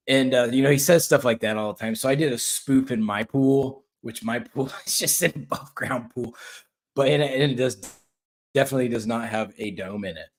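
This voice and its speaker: A middle-aged man hosting his own podcast, talking bluntly and ramblingly in casual political commentary, swearing freely. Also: mid-range voice. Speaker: podcast host.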